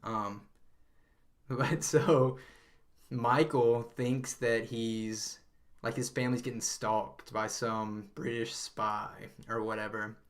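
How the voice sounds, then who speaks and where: A man's voice: mid-range voice, slow pace. Chatty male podcast co-host. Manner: rambling, animated retelling with frequent laughs and fillers. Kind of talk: casual chat.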